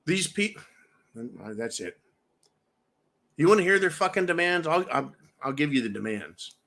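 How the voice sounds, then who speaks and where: A man's voice: fairly high pitch, sing-song, a little slow, vocal fry, a bit bright. A man hosting a political commentary show, ranting angrily and swearing constantly while he talks to his viewers. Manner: profane, furious, repeatedly addresses viewers as folks. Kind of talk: angry political rant.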